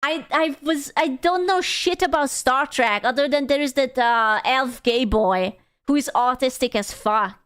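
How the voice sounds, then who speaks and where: A young woman streamer chats casually with her viewers in a high, clear, smooth voice. Her talk is playful, giggly and crude, and she takes her time getting the words out. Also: unhurried, fairly bright tone. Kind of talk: casual livestream chat.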